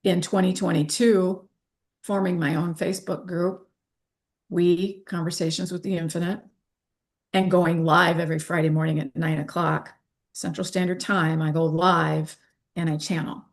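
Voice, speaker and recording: A woman's voice: lowish voice, flat delivery, moderate pace, creaky. A woman in her fifties, an interview guest who talks candidly and acts out the dialogue she quotes. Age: 50s.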